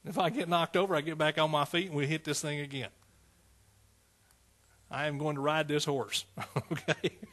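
A man's voice: a little high, a bit bright. A man preaching a fervent sermon, calling out to his congregation.

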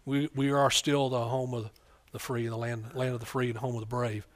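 A middle-aged man preaching a fervent sermon, calling out for amens and swinging between soft asides and loud bursts. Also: mid-range voice, level tone, moderate pace.

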